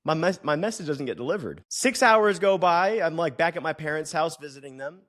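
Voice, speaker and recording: Animated, joking young man telling a story. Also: on the high side, a little fast. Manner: animated, acts out the people he quotes; profane, joking. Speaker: podcast host and personal trainer. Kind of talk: casual storytelling monologue.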